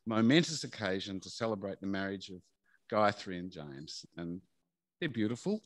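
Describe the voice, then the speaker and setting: The groom's father, a middle-aged Australian man, gives a halting wedding speech over a video call, laughing between phrases. His voice sits low and is very animated, with no room sound.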